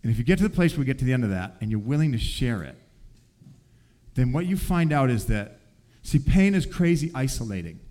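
At a fairly quick pace, a male teacher shares a faith testimony about his class, telling it with lively storytelling and acted-out quotes. His voice often drops soft and low.

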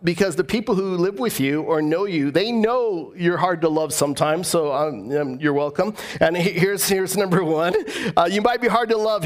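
A man preaching a sermon as pastor, earnest and emphatic, repeating phrases for stress. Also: a little high.

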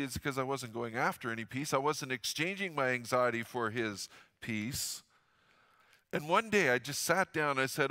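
A middle-aged man delivers a sermon with a bright, ringing voice. He tells stories in an earnest way, pushing hard on key words and then dropping almost to a murmur. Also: medium pitch. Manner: earnest storytelling, swings from loud emphasis to hushed quiet. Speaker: pastor.

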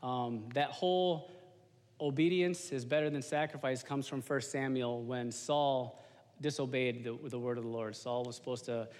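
A man in his thirties, a lay preacher giving an informal, animated sermon to a congregation. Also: medium pitch, moderate pace. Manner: casual, animated, slangy, talks to the congregation. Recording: long hall reverb.

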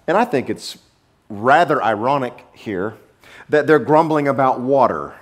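A male pastor preaching a sermon to his congregation in a church, animated, with sudden drops to a low murmur. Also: measured pace. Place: church sanctuary.

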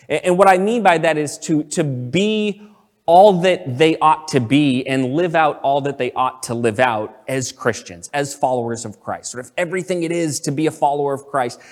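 A man's voice: on the high side, in a large hall. A man giving a conversational sermon, full of fillers and restarts as he explains a passage. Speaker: preacher.

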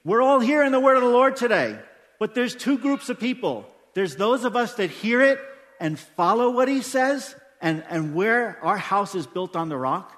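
A man's voice: very high-pitched, lively intonation, moderate pace, a bit bright. A man preaching a sermon to his congregation during a service, emphatic and full of rhetorical questions. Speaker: pastor. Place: church sanctuary during a service. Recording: long church-hall reverb.

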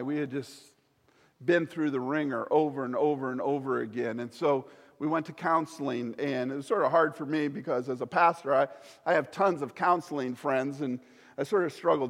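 A man preaching a sermon as a pastor, swinging from loud pleading to hushed storytelling. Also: mid-range voice, in a large hall.

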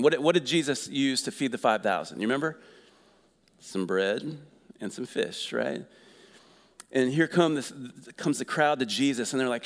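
A man preaching a sermon in a conversational, energetic way, asking the congregation questions. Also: mid-range voice, big-room sound. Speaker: pastor.

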